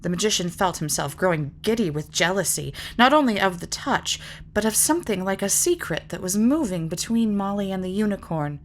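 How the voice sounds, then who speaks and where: A woman narrates a fantasy novel aloud in a measured, lyrical way. Her voice sits at a mid pitch. A faint hiss of noise runs under it. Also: animated. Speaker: reader. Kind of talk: audiobook narration.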